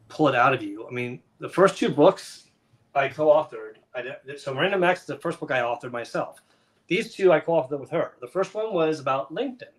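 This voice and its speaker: A middle-aged man, a children's book author and guest on a live show, telling stories in a lively way and acting out the voices of the people in them. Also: medium pitch. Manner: animated, acts out the voices of others in his stories. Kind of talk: conversational interview storytelling.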